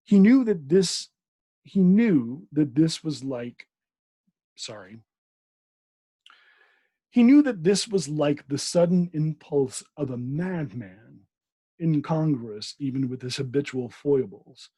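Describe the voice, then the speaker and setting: Male podcast host reading a classic novel aloud, husky, dark voice, dry sound, trips over names and corrects himself. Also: fairly high pitch, expressive, slow pace, pauses often, dry recording.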